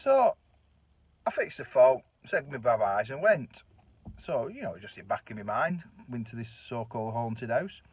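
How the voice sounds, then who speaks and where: A man's voice: mid-range voice, very animated, moderate pace, slightly rough, no echo. A middle-aged man with a Northern English accent, telling a colloquial, chatty anecdote with the odd swear word. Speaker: storyteller. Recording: dull, dry lo-fi recording.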